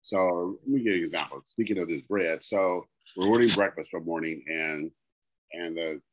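A middle-aged man co-hosting a podcast, telling a long story in casual chat and getting animated and exasperated as he quotes the people in it. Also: low-pitched, normal speed. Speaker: podcast co-host. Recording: dull lo-fi podcast audio.

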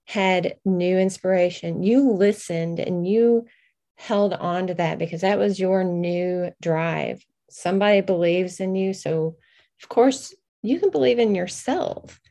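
Woman host, real slow and measured, warm low tone. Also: vocal fry. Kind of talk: reflective interview talk.

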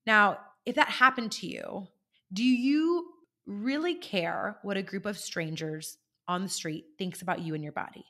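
A woman hosting a podcast, talking listeners through a coaching idea in a casual, animated way and checking in with them as she goes. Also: medium pitch, unhurried. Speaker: podcast host and life coach. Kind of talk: conversational coaching monologue.

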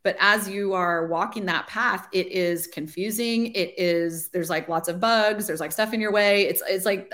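A woman's voice: medium pitch, moderate pace, few pauses, fairly bright tone. A woman in her forties, a ministry leader, telling her story in an interview, chatty and full of "like", acting out her past thoughts. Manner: chatty, says "like" often, acts out her own past thoughts. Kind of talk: conversational testimony.

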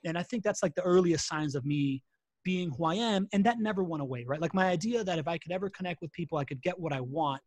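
Chatty, fairly high-voiced man in his forties. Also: fast talker, no room sound. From born in Latin America, raised in Miami and Spain. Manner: chatty, self-deprecating, repeats words while talking. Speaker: podcast guest. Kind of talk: casual storytelling interview.

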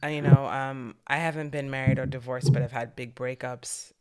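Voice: medium pitch, flat delivery, moderate pace, crowd noise. An interviewer asking questions and responding with affirming, supportive comments. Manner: warm affirming listener. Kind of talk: conversational interview.

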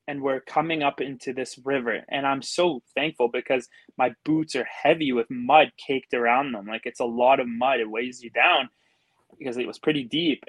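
A man's voice: medium pitch, fairly bright tone, no echo. A man telling a story as a podcast guest in a casual way, rambling and full of fillers. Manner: rambling, filler-heavy with many likes.

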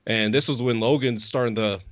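A man's voice: mid-range voice, fairly even intonation, brisk, no echo. A man co-hosting a podcast, casually retelling TV scenes and loosely quoting the characters. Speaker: podcast co-host. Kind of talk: casual chat recapping a TV episode.

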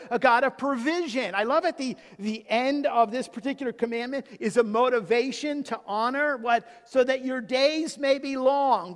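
Emphatic preaching man in a reverberant hall. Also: very high-pitched. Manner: emphatic preaching, swinging from loud to hushed. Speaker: pastor. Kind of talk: sermon.

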